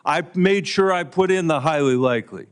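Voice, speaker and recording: A man's voice: fairly high pitch, normal speed, clean tone. A man, a senator, questioning a nominee at a hearing in a pointed, insistent yes-or-no manner.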